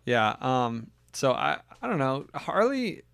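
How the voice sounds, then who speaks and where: A man's voice: medium pitch, very animated, slow pace, creaky, a bit bright, clean tone. A man hosting a podcast in casual chat, giggly and often restarting his sentences. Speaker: podcast host.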